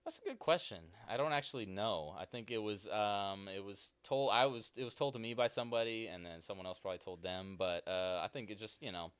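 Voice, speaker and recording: A man's voice: fairly low pitch, a little fast, hardly any pauses, a bit bright, smooth, no room sound. A nineteen-year-old man talking casually as a podcast guest, rambling with lots of fillers. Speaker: podcast guest, martial arts coach. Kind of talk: casual conversation.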